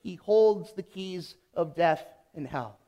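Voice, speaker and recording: A pastor delivers a sermon in an unusually high voice for a man. He speaks slowly and deliberately. He leans on emphasis and repeated phrases. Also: expressive, mellow.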